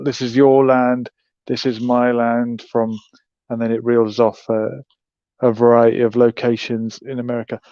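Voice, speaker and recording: A man's voice: medium pitch, darkish tone, clean tone, no room sound, lo-fi sound. A man hosting a livestream, musing with wry, sarcastic commentary. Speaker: host.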